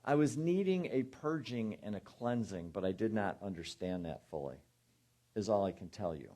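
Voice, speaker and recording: A man's voice: fairly low pitch, lively intonation, moderate pace. Man telling a personal story from the pulpit. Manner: personal storytelling, acting out inner voices in quieter tones. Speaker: guest minister. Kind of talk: sermon storytelling.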